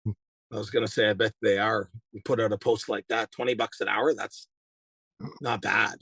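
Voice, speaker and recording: A man with a husky voice chats easygoingly in a casual live conversation. His sound is dry and close, and he hesitates and repeats himself often. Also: on the low side, fairly even intonation, normal speed, bright, forceful tone, no echo. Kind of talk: casual chat.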